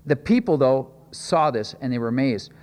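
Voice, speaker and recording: A man's voice: mid-range voice, animated, moderate pace, a little mellow, big-room sound. A man preaching a conversational sermon, asking rhetorical questions and often restarting his phrases. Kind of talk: expository sermon.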